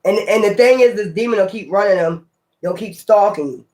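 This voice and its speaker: High-voiced blunt, profane tarot reader man. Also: a little fast, darkish tone. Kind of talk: casual tarot reading.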